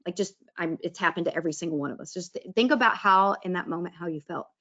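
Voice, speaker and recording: This wellness presenter speaks quickly in a fairly low, fairly bright voice, with the high frequencies cut off. Her casual, chatty presentation covers mindfulness and breath work, and she dramatizes the inner voices she quotes.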